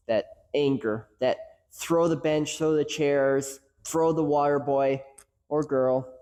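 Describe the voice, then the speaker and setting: A man's voice: on the high side, warm tone. A man hosting a casual coaching lesson, joking and acting out little asides as he talks, with long hall reverb. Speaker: host and coaching educator. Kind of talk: casual educational talk.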